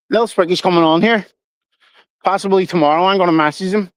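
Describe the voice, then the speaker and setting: A man's voice: high voice, brisk, no room sound, low-quality recording. Middle-aged male streamer, sweary and rambling, dry close mic. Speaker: livestream host. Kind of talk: casual livestream chat.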